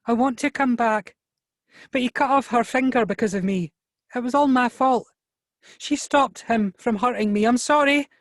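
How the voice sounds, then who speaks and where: A woman's voice: lowish voice, very animated, measured pace, few pauses, dry recording, clean studio sound, voice pushed up. A man reading an audiobook voices a frightened young girl who pleads through tears. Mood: desperate pleading. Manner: pleading, tearful.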